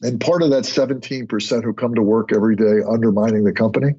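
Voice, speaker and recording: A man guesting on an interview podcast tells stories conversationally, growing animated when acting out other people. He talks fast in a husky, low-ish voice on dull lo-fi audio.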